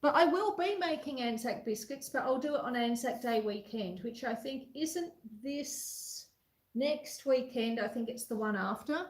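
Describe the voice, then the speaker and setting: An Australian woman with a high voice and lively intonation speaks at a measured pace, captured on a reverberant, low-quality recording. Cooking in her home kitchen during a casual baking live stream, she chats away, pokes fun at herself, and reads out viewer messages.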